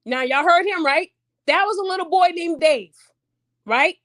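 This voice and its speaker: A woman's voice: extremely high pitch, moderate pace. A woman hosting a podcast, chatting casually and animatedly to her audience. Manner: animated, talks to audience, acts out voices. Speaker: podcast host. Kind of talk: casual commentary.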